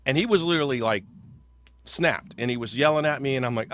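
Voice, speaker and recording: A man's voice: mid-range voice, fast talker, fairly bright tone. A man in his fifties, a podcast guest telling a story in a casual, rambling way with stammered repeats.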